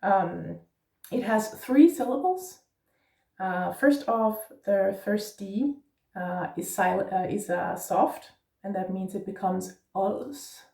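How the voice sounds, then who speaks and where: A woman's voice: medium pitch, slow, vocal fry, mellow, roomy sound, far from the mic. A woman teaching Danish pronunciation, patiently spelling out letters and checking in with "yeah?". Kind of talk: pronunciation lesson.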